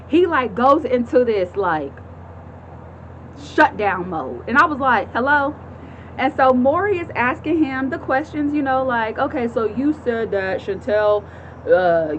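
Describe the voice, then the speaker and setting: Woman, 30s, casual storytelling, animated, higher voice, swooping pitch, lo-fi phone sound, faint car hum. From California. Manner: animated, chatty, acts out crowd voices, laughs often. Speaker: vlogger telling a personal story. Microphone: phone camera.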